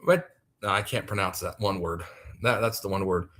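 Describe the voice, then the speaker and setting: A man's voice: sits low, moderate pace, a bit bright. A man hosting a casual livestream, chatty and self-deprecating as he sets things up. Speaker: livestream host.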